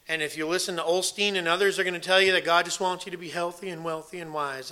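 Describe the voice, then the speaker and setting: A man's voice: sits high, pushed and bright. A man preaching an earnest sermon, emphatic and repeating phrases for weight. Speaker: pastor.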